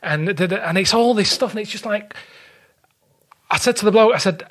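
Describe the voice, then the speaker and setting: A podcast guest from England with a high, animated voice speaks at a moderate pace. Grumbling and blunt, he tells a casual story and acts out what the people in it said to each other.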